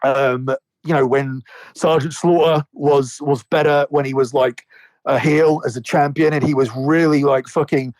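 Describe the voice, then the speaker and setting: A man's voice: on the high side, fairly even intonation, measured pace, a little mellow, no room sound, rough recording. A man in casual podcast chat about wrestling, rambling and swearing a lot with many restarts. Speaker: podcast co-host.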